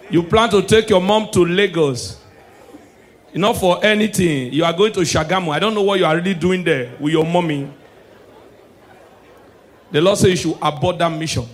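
High-voiced Nigerian man doing stand-up. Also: moderate pace, long pauses, slight background noise. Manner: mixes Pidgin and English, swings between low asides and shouted punchlines. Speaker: stand-up comedian. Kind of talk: stand-up comedy.

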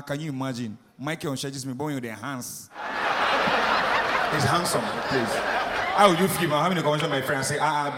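A man's voice: a little high, roomy sound, long reverb tail, noisy background. A man with a Nigerian accent doing stand-up, teasing the audience and mixing Pidgin and English. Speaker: stand-up comedian. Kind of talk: stand-up routine.

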